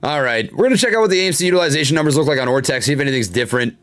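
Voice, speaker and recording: A young man with a medium-pitched, fairly bright voice talks very fast with lively intonation while hosting a live stock-trading stream. He casually comments on charts and reads chat aloud, venting his frustration, swearing, then laughing it off.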